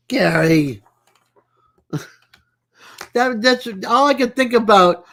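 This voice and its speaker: A woman's voice: mid-range voice, lively intonation, drawn-out words, long pauses. A woman hosting a casual livestream from home, giggly and teasing as she chats with her viewers by name. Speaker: livestream host. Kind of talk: casual chat with live viewers.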